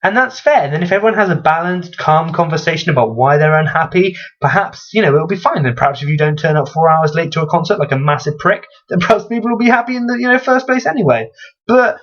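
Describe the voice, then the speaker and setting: A man's voice: on the high side, expressive, quick pace, fairly bright tone. A young man ranting in a vlog, exasperated and sweary, rambling with frequent restarts. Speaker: vlogger. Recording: slightly dull lo-fi recording.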